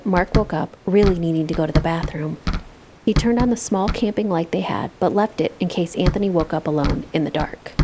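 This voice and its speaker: A woman voicing a calm character who tells ghost stories in a game, in an even, measured reading. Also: lowish voice, noisy background, lightly acted. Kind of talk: scripted storytelling in a game.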